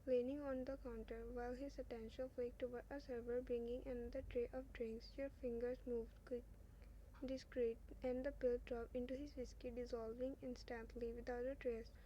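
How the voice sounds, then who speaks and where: A woman narrates a fan fiction story in a steady, measured read. Her voice is high and mellow with an even, flat delivery. The recording is slightly dull, with faint hiss behind it.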